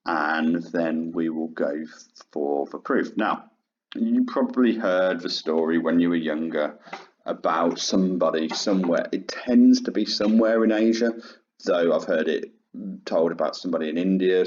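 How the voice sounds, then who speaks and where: Deep, slow maths teacher. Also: male voice, darkish tone, a little hiss or hum. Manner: chatty and informal with frequent fillers. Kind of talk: classroom lesson. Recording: dull lo-fi sound.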